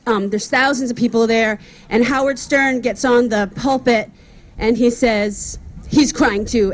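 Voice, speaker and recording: High-voiced brash woman comedian. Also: a little hiss or hum. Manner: brash, profane, chatty storytelling. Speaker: stand-up comedian. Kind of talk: stand-up comedy set. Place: outdoor comedy event stage. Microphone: stage microphone.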